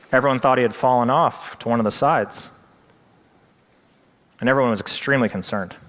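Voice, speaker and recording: A male presenter telling a story with animated, dramatic delivery. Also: mid-range voice, in a large hall.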